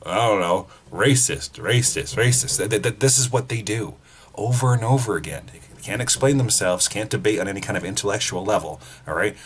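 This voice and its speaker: A man's voice: fairly low pitch, animated, fast. A man giving blunt, heavily profane commentary as a vlogger. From Canada. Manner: blunt, swearing freely, ranting.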